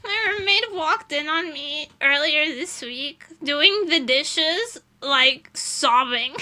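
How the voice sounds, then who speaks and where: A young woman streams, chatting casually and rambling along. She laughs often and swears freely. Her voice sits high and sounds very bright. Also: expressive, takes it slowly. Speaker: vtuber streamer. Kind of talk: casual chat.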